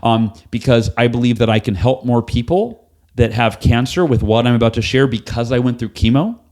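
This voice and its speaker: Man guest on a podcast, mid-range voice, lively storyteller who voices the people in his story. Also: mid-range voice, brisk. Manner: animated, acts out quoted dialogue, casual swearing. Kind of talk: storytelling in a conversational interview.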